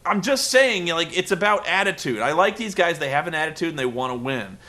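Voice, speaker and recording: A man's voice: on the high side, lively intonation, a little fast, sharp tone. Man doing a blunt, defensive wrestling commentator. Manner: blunt, backpedaling.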